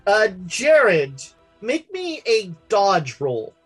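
A man running a tabletop game as game master, narrating haltingly with many fillers and restarts. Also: high-pitched, huge pitch swings, slightly rough, soft background music.

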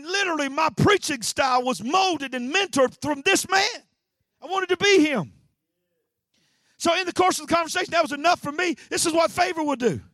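A man, a pastor preaching an energetic sermon with frequent shouts and repeated phrases. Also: extremely high pitch, dry recording, studio quality.

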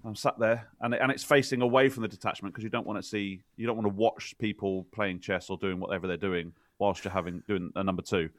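Man, low voice, dry close recording, measured podcast storyteller. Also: fairly even intonation, no room sound. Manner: measured, scene-setting storyteller. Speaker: podcast co-host, former soldier. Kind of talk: casual storytelling chat.

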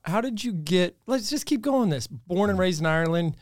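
A man's voice: high voice, animated, normal speed, no room sound, studio quality. A man from Texas hosting a casual interview, joking and teasing his guest. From Texas, United States. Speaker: podcast host. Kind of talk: casual chat.

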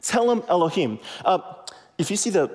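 Lively man preaching to a congregation. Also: high-pitched, moderate pace. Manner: lively, conversational, repeats phrases for emphasis. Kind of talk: animated sermon with audience call-and-response.

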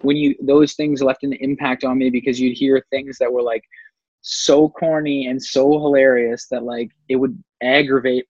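A man's voice: medium pitch, flat delivery, normal speed, a little mellow, husky, dry recording. A musician from Canada talking in a casual radio interview, rambling and filling his sentences with "like". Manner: rambling, heavy use of "like" fillers. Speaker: musician guest. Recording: dull lo-fi sound.

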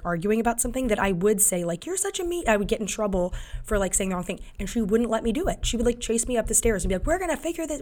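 In a mid-range, darkish voice, a woman in her thirties hosts a podcast and muses casually about parenting. Her monologue is loose and chatty, packed with fillers and restarts, and she plays out quotes as she goes.

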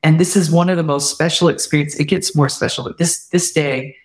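A woman guest telling a personal story earnestly, often quoting what others said, and reflecting warmly on faith. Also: low-pitched, steady tone, fairly quick. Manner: earnest, heartfelt retelling with quoted dialogue; warm spiritual reflection. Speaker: podcast guest.

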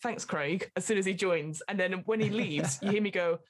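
A woman's voice: medium pitch, moderate pace. A woman co-hosting a podcast, chatting casually and acting out funny anecdotes. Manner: animated, laughing, acts out silly voices in anecdotes. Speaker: podcast co-host. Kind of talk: casual chat.

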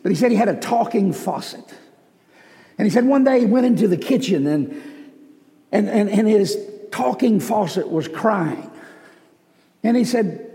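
A man's voice: high-pitched, expressive, moderate pace, mellow. A man preaching a sermon as pastor, telling folksy stories with joking asides. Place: church sanctuary. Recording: reverberant church hall.

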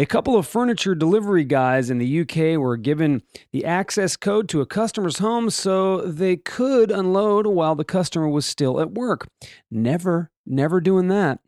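A man hosting a comedic news show, reading odd stories and cutting in with joking asides and rhetorical questions. His voice sits fairly high and swoops up and down a lot. It is recorded dry and close, with no room echo. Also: a little mellow. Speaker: host.

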